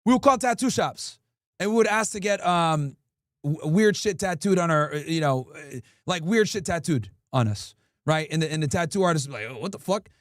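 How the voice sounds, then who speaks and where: High-voiced man telling a rambling story. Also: lively intonation, moderate pace, no echo, clean studio sound. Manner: profane, rambling, says "right?" often. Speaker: livestream host. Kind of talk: casual storytelling monologue.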